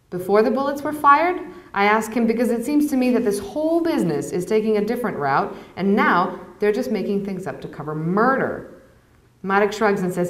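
A woman author reads from her novel at a university event, narrating in the first person with a measured, even delivery. Her voice sits at a mid pitch and rings out in an echoey hall. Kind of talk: literary reading aloud.

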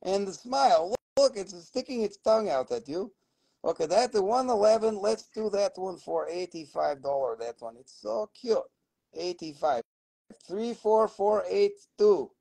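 Middle-aged male live-stream seller, raspy fry in the voice, rambling and foul-mouthed. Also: sits high, expressive, moderate pace, warm tone, dry recording, poor audio. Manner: rambling and profane, swearing often. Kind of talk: casual live sales stream.

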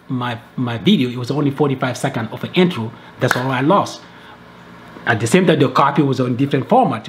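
Man, casual storytelling, repeats words, pitch jumps high when excited, faint background hum. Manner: animated retelling, repeats words and restarts. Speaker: travel video creator.

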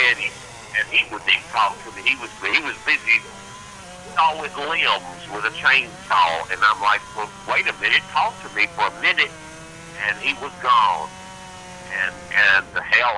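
A man's voice: fairly low pitch, sharp tone, slight background noise, poor audio. A man leaves a rambling, agitated phone message, distressed and confused. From Tennessee, US. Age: 60s. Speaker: caller leaving a voicemail.

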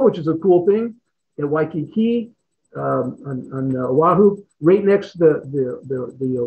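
A middle-aged man telling stories as an interview guest, rambling, repeating words and chuckling often. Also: on the high side. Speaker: guest, retired fighter pilot. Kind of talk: casual storytelling in an interview. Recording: tinny phone-like line.

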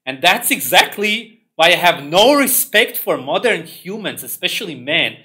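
A man's voice: high voice, lively intonation, moderate pace, few pauses, sharp tone. A man hosting a livestream, ranting in a contemptuous monologue. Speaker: livestream host.

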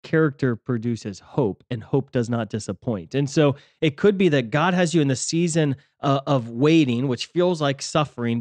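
A man's voice: medium pitch, darkish tone, no echo. A man co-hosting a faith podcast, talking reflectively with many fillers and restarts. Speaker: podcast co-host, ministry leader. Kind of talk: casual faith discussion.

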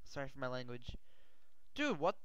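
A male gaming host giving rambling gameplay commentary, often yelling and swearing in panic. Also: mid-range voice, moderate pace, smooth, dry recording. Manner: rambling, excitable, yells and swears when panicked. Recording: dull lo-fi mic.

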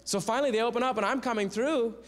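Speaking very fast at an extremely high pitch, this man is a guest speaker and singer giving a sermon built around a story. He performs the quoted voices of its characters with lots of animation, and the sound from the church sanctuary trails off in long reverb.

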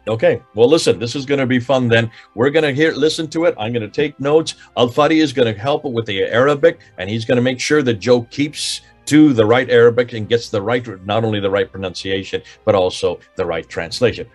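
A man's voice: mid-range voice, fairly quick, few pauses, soft background music. A man hosting a recorded discussion, introducing guests in a chatty, rambling way. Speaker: host.

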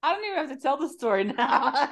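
A young adult woman co-hosting a podcast, giving a chatty, giggly movie recap and briefly acting out the characters' lines. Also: sits high. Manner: chatty, giggly, dips into quoted voices. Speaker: podcast co-host. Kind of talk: casual movie recap chat.

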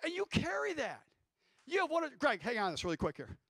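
A man preaching a lively guest sermon, breaking into shouts and calling on the congregation to answer back. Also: extremely high pitch, brisk, creaky. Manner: excitable, shouting bursts, congregation call-and-response.

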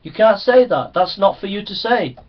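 Male preacher, high voice, insistent repetition, dull lo-fi sound. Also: animated, normal speed. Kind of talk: sermon. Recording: dull lo-fi recording.

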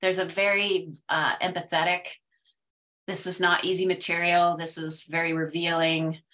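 A woman student speaking earnestly and haltingly in a casual panel chat, praising her mentor. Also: lowish voice, level tone, fairly bright tone. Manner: earnest, halting, many fillers.

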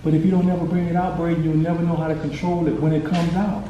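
A man's voice: a little high, little pitch movement, quick pace, mellow, dull audio. A man coaching a boy in a hands-on faith session, urgent and encouraging, pushing him on with short commands. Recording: echoey room, distant mic, noisy.

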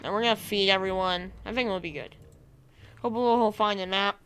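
Hoarse, excitable woman gamer. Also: medium pitch, a little fast, a little hiss or hum. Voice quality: raspy. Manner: chatty, thinks aloud, bursts into excited cheering. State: hoarse from being sick. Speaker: gaming video creator. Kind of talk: casual let's-play commentary.

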